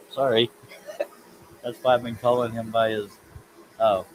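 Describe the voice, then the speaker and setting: A man's voice: mid-range voice, little pitch movement, slow, slight background noise, rough recording. A man hosting a casual woodworking live stream, rambling in a self-deprecating way and reading chat comments aloud from his home workshop.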